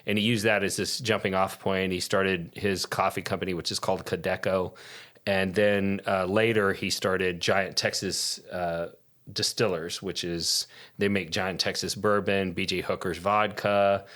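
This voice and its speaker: A man who is a podcast guest, telling a long anecdote in casual, lively style and cursing freely. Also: low-pitched, measured pace. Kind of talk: casual storytelling.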